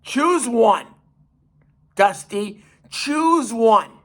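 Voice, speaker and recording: A man's voice: very high voice, lively intonation, very slow, voice pushed up, full character voice. A man voicing a cold, bossy woman wrestling boss who taunts and gives orders, as he retells a story. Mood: taunting. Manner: commanding, taunting. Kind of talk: retelling with put-on voices.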